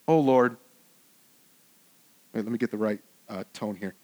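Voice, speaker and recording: A pastor with a male voice on the low side preaches a little slowly. His sermon feels conversational and earnest, with frequent restarts and swings from loud emphasis to hushed asides.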